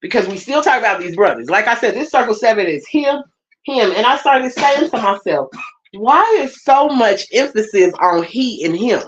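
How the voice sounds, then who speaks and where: Emphatic woman preaching, lo-fi. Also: fairly high pitch. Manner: emphatic, repeats phrases, talks directly to the congregation. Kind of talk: sermon.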